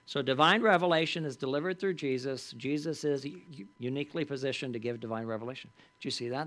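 A man teaching a Bible study class in a conversational way, often checking in with the group through quick tag questions and reading scripture aloud with added emphasis. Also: medium pitch, a bit bright.

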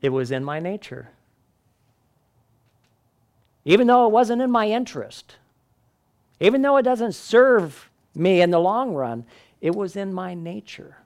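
A man's voice: high-pitched, sing-song, moderate pace, a little mellow, voice pushed up. A man voicing a scheming male scorpion from a fable, reasoning in a matter-of-fact way. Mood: resigned.

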